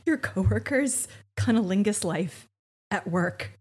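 Lively woman, incredulous podcast chat. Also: mid-range voice, unhurried, husky. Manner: incredulous, animated, acts out quotes. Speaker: podcast co-host. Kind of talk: casual recap chat.

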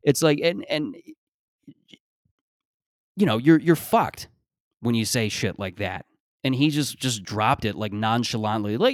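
A man around thirty rambles through a casual solo podcast, sarcastic and full of cussing. His voice sits in a middling pitch. The recording is close and dry, with no room sound. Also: lively intonation, unhurried, long pauses, dry recording. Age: 30s. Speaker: podcast host.

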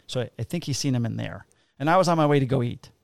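A man's voice: mid-range voice, fast talker, creaky, no room sound. A man, a police officer casually telling profane stories and acting out the dialogue. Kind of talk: casual storytelling chat.

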